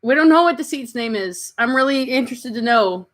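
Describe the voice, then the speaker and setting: She's a Southern-accented livestreamer from Kentucky whose fairly high voice comes out animated and a little fast. She chats casually, answers viewers' comments warmly and coos at her pets.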